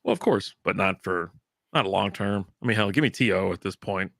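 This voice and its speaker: Bright-voiced man in casual profane chat. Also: sits low, normal speed, gravelly, dry recording, studio quality. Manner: loose, profane, mocking asides. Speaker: co-host.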